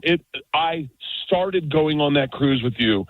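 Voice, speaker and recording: Male celebrity caller on a muffled line, phoning from a car, rambling and animated. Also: fairly high pitch, takes it slowly, no room sound. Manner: rambling, animated storytelling with acted quotes. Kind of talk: phone-in banter.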